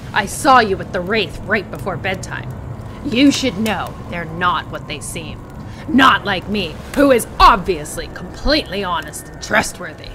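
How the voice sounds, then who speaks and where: A woman's voice: fairly low pitch, expressive, unhurried, music in the background. A woman voicing a boastful male killer in a dating game, talking in sarcastic veiled threats. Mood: sly. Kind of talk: reading a dating game aloud.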